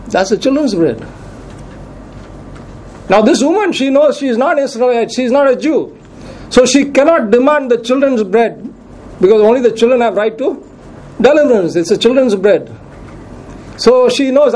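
A man's voice: high voice, expressive, moderate pace, pauses often, a little mellow, slight background noise, rough recording. A man preaching a sermon who reads scripture aloud, cites verses and repeats questions to his congregation for emphasis.

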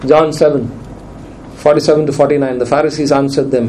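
A man's voice: fairly high pitch, steady tone, fairly quick, darkish tone, slight background noise, poor audio. A man preaching a sermon, emphatic and repeating his key lines for weight.

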